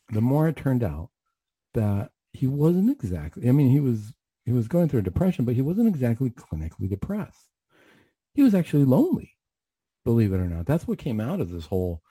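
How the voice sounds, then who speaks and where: A middle-aged male radio host tells a story earnestly and often restarts his sentences. His voice is low, very dark and mellow, with a husky edge. The recording is dry and close. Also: no room sound. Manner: earnest, retelling a tense encounter with many restarts. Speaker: radio show host and clinician. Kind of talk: storytelling on a talk radio show.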